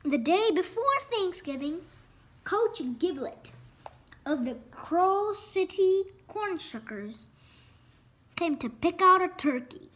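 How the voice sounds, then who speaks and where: A woman reading a children's picture book aloud, expressive and slow. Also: extremely high pitch. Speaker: storyteller. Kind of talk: children's story read-aloud.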